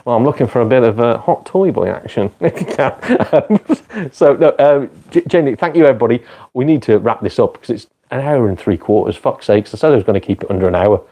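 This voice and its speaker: A man's voice: medium pitch, expressive, brisk, dark tone. A British man hosting a casual gaming live stream, rambling and joking with heavy swearing. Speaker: retro games streamer.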